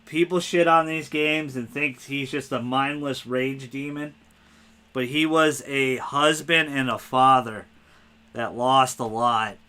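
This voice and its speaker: A man hosting a casual spoiler podcast, talking excitedly and rambling, cursing freely. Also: mid-range voice, slow pace, smooth. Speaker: podcast host.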